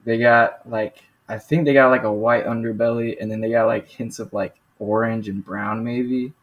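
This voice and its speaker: A man's voice: mid-range voice, fairly even intonation, moderate pace, muffled recording. A young man being quizzed in casual podcast chat, laid-back and slangy, often restarting his sentences. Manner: laid-back slang, says dude and bro, many restarts. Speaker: podcast guest taking a quiz.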